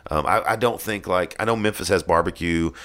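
A man with an extremely low, rumbling voice talks casually. He rambles with many ums and restarts and swears freely as he chats. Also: brisk, fairly bright tone, clear, resonant tone. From Tennessee. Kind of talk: casual chat.

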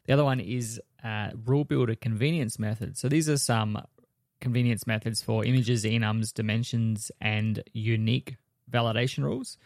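A man co-hosting a podcast who goes through software changes one by one, steady and explanatory. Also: medium pitch, normal speed, creaky, no room sound, clean studio sound. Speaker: podcast co-host. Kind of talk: technical news rundown.

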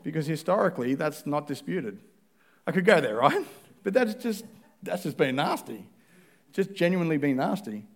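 A man's voice: on the high side, very animated, moderate pace. A man preaching a sermon in a conversational way, acting out both sides of the dialogues he describes.

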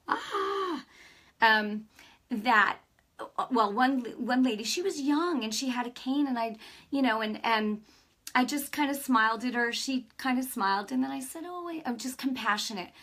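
Woman host of a preaching broadcast; bright high-ish voice, excitable and conversational. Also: normal speed. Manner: enthusiastic, chatty, acts out quoted dialogue. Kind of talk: informal preaching and testimony.

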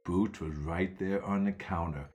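A man narrating a children's story in an animated, dramatic way. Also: sits low, unhurried.

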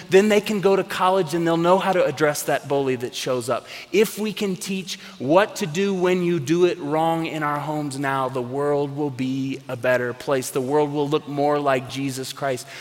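A man preaching a sermon to a congregation, earnest and emphatic, repeating phrases for weight. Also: a little high. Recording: long hall reverb.

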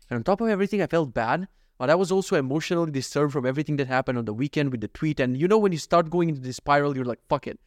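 A man's voice: medium pitch, no echo. Swearing, rambling man, dry sound. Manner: rambling, profane, self-mocking. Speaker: vlogger. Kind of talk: casual diary vlog.

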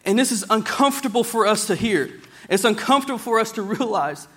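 A man preaching a sermon in a church, plain-spoken and folksy, slowing down whenever he reads scripture aloud. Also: sits high, lively intonation, fairly bright tone.

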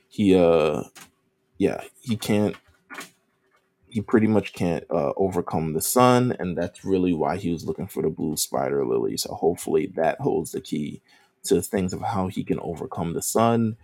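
A man's voice: sits low, lively intonation, measured pace, vocal fry, long pauses, a little mellow, no echo. A man co-hosting a podcast, recapping an anime season in casual chat, rambling with lots of ums and casual swearing. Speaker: podcast co-host.

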